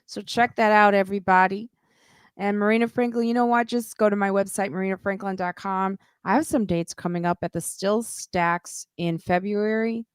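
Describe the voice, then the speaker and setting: A woman's voice: mid-range voice, steady tone, moderate pace, clean tone, no room sound, studio quality. A middle-aged woman hosting a live podcast stream, chatting loosely and plugging shows with casual swearing. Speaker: podcast host.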